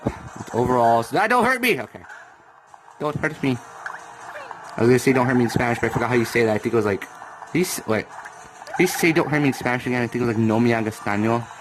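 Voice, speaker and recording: A young man rambling through casual gameplay commentary, now and then bursting into comic yells. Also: medium pitch, noisy background. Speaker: let's play gamer. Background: video game music.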